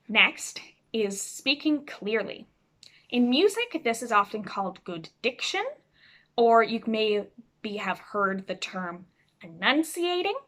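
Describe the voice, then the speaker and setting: A woman teaching students over a video call, speaking clearly and expressively as she explains reading aloud. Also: a little high, measured pace. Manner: clear, expressive, demonstrates voices. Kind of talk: instructional talk to students.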